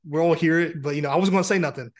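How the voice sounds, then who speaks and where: A man's voice: on the high side, racing. Playful man hosting a casual podcast. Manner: playful, teasing, repeats himself. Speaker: podcast host. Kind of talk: casual chat.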